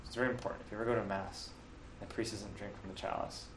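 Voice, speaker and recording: A teacher casually guides listeners through the Mass, his speech dotted with fillers and self-corrections. The man's fairly low voice holds a steady tone at a fast pace. The background is noisy, and the distant, roomy recording carries faint ambience.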